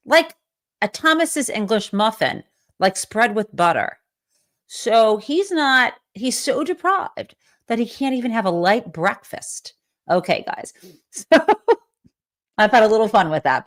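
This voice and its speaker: Lively, snarky woman hosting a live show. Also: on the low side. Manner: snarky, profane, conversational. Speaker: host. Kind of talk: live talk show commentary.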